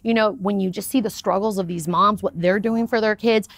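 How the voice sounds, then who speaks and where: A woman talking as a guest in a casual interview, with upbeat and expressive storytelling. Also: mid-range voice, a little fast, no echo. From United States. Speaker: podcast guest.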